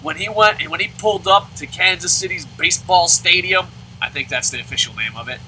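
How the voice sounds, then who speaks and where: A man's voice: high voice, brisk, pushed and bright, a little hiss or hum, poor audio. A man hosting a let's play, commenting on a baseball game and answering viewer comments in a profane, ranting way.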